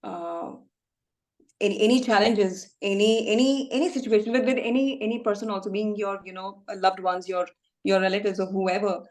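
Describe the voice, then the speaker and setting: A woman's voice: medium pitch, fairly even intonation, normal speed, darkish tone. A woman talks over a video call, telling a personal story in a chatty way, full of fillers and laughs. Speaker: class participant sharing testimony.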